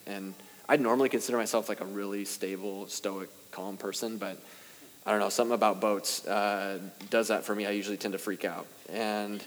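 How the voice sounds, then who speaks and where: A man's voice: on the low side, big-room sound, slight background noise. A young adult male pastor preaching a sermon in a casual, self-deprecating way, with rising emphasis at key points. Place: church sanctuary.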